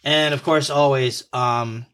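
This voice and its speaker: A man's voice: mid-range voice, steady tone, takes it slowly, a bit bright, smooth. A man in his thirties co-hosting a casual podcast from home, telling rambling stories and chuckling often. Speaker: podcast co-host. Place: home room.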